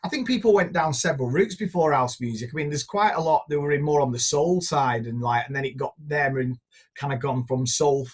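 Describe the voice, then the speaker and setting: A middle-aged man from northern England, a music producer, chats casually in a fairly high, brisk, slightly rough voice. He's a chatty storyteller who wanders through rambling anecdotes and swears without a second thought.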